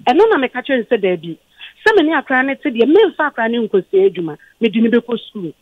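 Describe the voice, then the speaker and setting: A woman's voice: on the high side, sing-song, fast, dry recording. A Ghanaian woman calling in to a radio show, defensive and explaining at length. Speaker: caller, former guardian. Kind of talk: radio call-in talk. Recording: dull, dry phone line.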